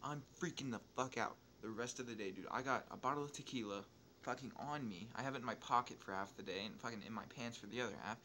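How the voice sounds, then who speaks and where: A young man tells a story in a loose, rambling way, swearing almost every sentence and stopping to correct himself. His voice sits at an ordinary pitch and jumps in loudness when he gets excited. Faint noise hums underneath. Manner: profane, rambling, restarts and asides; excitable, quick swings in loudness. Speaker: YouTuber telling a story. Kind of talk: casual storytelling over gameplay.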